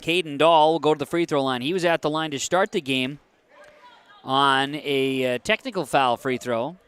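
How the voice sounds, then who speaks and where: A man doing live play-by-play of a high school basketball game, with quick calls that jump up on big plays. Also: a bit bright, smooth. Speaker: play-by-play announcer.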